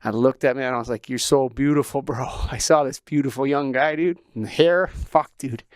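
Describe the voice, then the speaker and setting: A man's voice: medium pitch, fairly quick, no echo, studio quality. A man hosting a podcast, telling a personal story in an emotional, rambling way, full of restarts and swearing. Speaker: podcast host. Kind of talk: casual storytelling chat.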